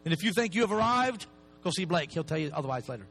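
Guy in his 40s preaching quick, high voice, jokey and fired up. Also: breathy edge, poor audio. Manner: fast-talking, self-deprecating, animated preaching. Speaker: recovery ministry speaker. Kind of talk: sermon.

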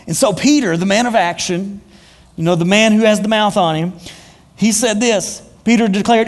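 A man's voice: sits high, normal speed. A male preacher telling a story in a casual, conversational sermon, full of fillers and repeated words. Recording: long hall reverb.

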